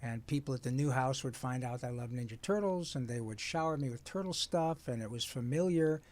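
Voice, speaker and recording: A man in his sixties, from Michigan, telling stories with real animation and now and then slipping into playful voices. His voice sits at an ordinary pitch for a man. He sounds like a seasoned voice actor chatting as a guest. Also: a little fast. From Michigan, USA. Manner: lively storyteller, slips into playful character voices. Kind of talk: animated storytelling in conversation.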